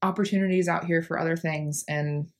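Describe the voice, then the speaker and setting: Candid young woman, low and swearing. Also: steady tone, brisk. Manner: candid, swears often, many fillers. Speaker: farm worker. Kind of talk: casual chat.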